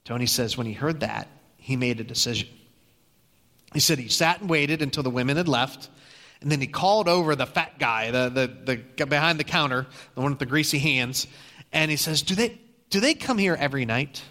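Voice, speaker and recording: A man's voice: mid-range voice, fairly quick, pushed and bright. A middle-aged male pastor telling a story in a sermon, casual and full of restarts. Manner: conversational, hesitant restarts. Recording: long hall reverb.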